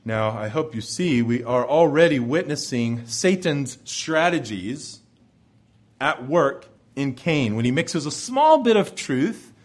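A male preacher delivering an expository sermon in a measured, emphatic way, his voice dropping low at the ends of phrases.

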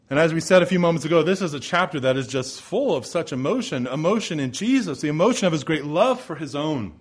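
A man preaching an expository sermon, moving between forceful emphasis and hushed, slow pauses. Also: a little high, very animated, breathy edge. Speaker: pastor.

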